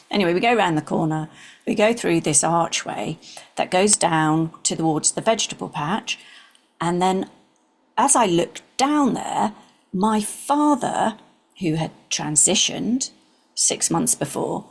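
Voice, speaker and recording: A woman in her sixties, an interview guest, earnestly telling a personal story and sometimes dropping into soft whispers. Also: fairly low pitch, animated, a little slow, gravelly, slightly rough.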